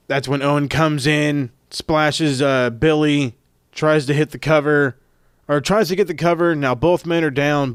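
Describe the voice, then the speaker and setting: A man's voice: medium pitch, clean tone, no echo, clean studio sound. A man hosting a podcast, recapping matches in a casual, profane, rambling way that often corrects itself. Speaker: podcast host reviewing wrestling events. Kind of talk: casual chat.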